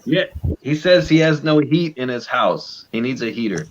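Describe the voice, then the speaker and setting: A man hosting a live stream in casual banter, laughing easily and reacting quickly. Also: medium pitch, lively intonation, slight background noise. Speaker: stream host. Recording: muffled lo-fi audio.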